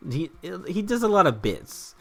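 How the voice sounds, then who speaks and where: Lively, rambling man at play. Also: sits high, moderate pace. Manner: rambling, joking, laughs often, swears. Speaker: let's play host. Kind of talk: casual gaming commentary.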